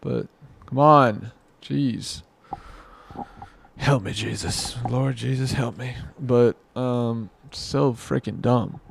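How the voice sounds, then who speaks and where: A man's voice: mid-range voice, takes it slowly, gravelly, slight background noise. A man giving rambling, exasperated reaction commentary, muttering to himself and mocking what he watches. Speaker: commentary vlogger.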